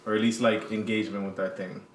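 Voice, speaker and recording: A man co-hosting a podcast in casual chat, often trailing off quietly at the end of sentences. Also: on the low side, flat delivery, fast, echoey room, a little hiss or hum. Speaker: podcast co-host.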